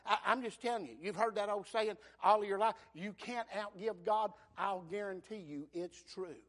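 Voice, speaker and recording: A man preaching a fervent sermon, surging loud and then dropping soft. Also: sits high.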